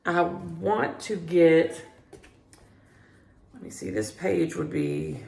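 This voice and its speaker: Middle-aged woman vlogging her stitching at home, low and gravelly, rambling and chatty, echoey room. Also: wildly swooping pitch, slow, darkish tone, slight background noise. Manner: rambling, chatty, talks to her cats between thoughts. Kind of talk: casual chat.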